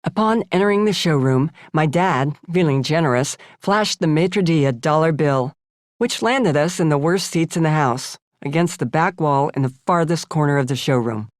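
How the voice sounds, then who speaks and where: A woman's voice: low-pitched, moderate pace, dry recording, clean studio sound. A woman in her seventies from the United States, narrating her memoir audiobook in a wry, conversational way. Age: 70s. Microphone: close studio mic.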